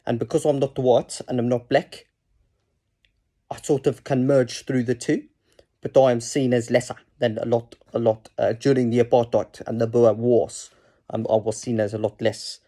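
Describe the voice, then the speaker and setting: A man's voice: mid-range voice, little pitch movement, normal speed, dark tone, lightly acted. A man doing an earnest man.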